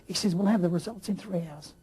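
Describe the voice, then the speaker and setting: A man telling his story in a rambling way, with many fillers and throat clearing. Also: sits high, quick pace, warm tone. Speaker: interview guest. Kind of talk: casual storytelling.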